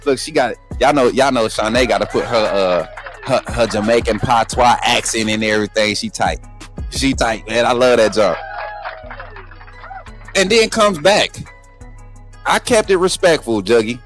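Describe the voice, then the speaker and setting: A man's voice: mid-range voice, moderate pace, long pauses, a bit bright, faint music behind. A man hosting a live sports talk stream, combative and repetitive, talking straight to his viewers and reading out their chat messages. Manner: combative, repeats himself, talks straight to viewers. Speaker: sports show host.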